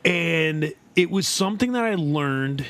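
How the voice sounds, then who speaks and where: A man's voice: fairly high pitch, expressive, measured pace, a bit bright. A man co-hosting a comedy podcast, joking around in casual chat. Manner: joking, slips into silly put-on voices. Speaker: podcast co-host.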